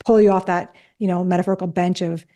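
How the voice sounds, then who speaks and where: A woman's voice: on the low side, steady tone, fast, warm tone. A woman in her forties, a psychologist co-hosting a podcast, talking casually and acting out quoted dialogue with animation.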